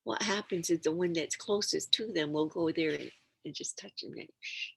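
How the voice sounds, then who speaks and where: An older woman sharing teachings as a storyteller, acting out the quiet hushing sounds and coaxing calls in her stories. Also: fairly low pitch, moderate pace, gravelly, a little hiss or hum, low-quality recording. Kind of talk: storytelling talk.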